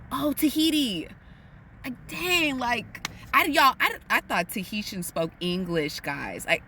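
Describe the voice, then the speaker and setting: A woman's voice: lowish voice, pushed and bright, slight background noise. A woman from the United States talking casually and animatedly to her listeners, calling them y'all. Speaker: podcast host.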